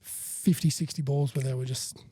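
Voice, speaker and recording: A man's voice: mid-range voice, fairly even intonation, normal speed, warm tone, husky. A man, co-hosting a podcast and rambling through a story in casual, sweary chat. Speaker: podcast co-host.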